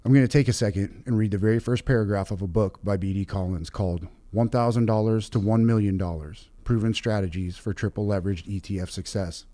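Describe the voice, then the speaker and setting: A lower-voiced man hosts a podcast interview, chatty and quick to laugh. The sound is dry and close, with no room around it. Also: no room sound. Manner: energetic, laughs often, chatty. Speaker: podcast host.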